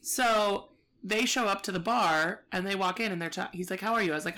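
A woman's voice: mid-range voice, fairly quick, bright, forceful tone. A woman telling a story in casual chat, profane and exasperated, acting out both sides.

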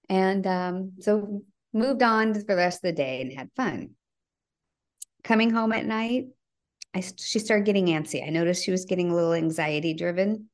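A middle-aged woman, a podcast guest, telling a personal family story earnestly and acting out the dialogue, her voice sinking low at the heavy parts. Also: normal speed. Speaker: podcast guest, bereaved mother.

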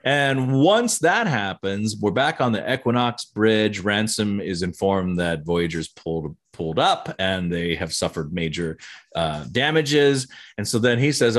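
Middle-aged male co-host, low-pitched, chatty, animated when retelling scenes. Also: measured pace. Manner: animated retelling, playfully acting out lines. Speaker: podcast co-host. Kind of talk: casual recap chat.

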